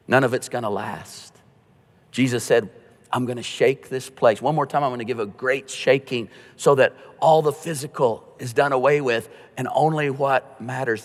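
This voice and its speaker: A middle-aged man preaching a conversational sermon as a pastor, earnest and storytelling, going hushed at tender moments. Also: mid-range voice. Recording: long reverb of a church hall.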